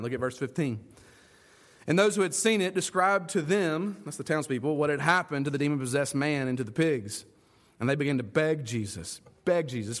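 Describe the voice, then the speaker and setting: A pastor with a notably high voice delivers a sermon to his congregation. He is earnest and emphatic, driving points home through repetition and rhetorical questions.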